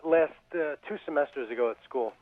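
A man's voice: a little high, a little fast. A young man, a student, calling in to a radio show and explaining in a chatty, earnest way. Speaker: caller, student. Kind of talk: call-in radio chat. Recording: tinny phone line, dry.

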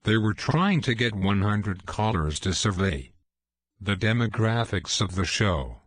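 Low-voiced man hosting a clip show. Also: expressive, a little slow, no room sound, studio quality. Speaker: fill-in host of a clip show. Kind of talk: scripted radio narration.

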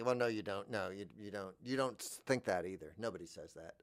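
A man hosting a podcast, musing in a meandering deadpan monologue that trails off into mumbles. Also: a little fast, clean tone, dry recording. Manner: jumps into high squeaky voices for imagined speakers. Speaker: podcast host. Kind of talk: rambling comic monologue.

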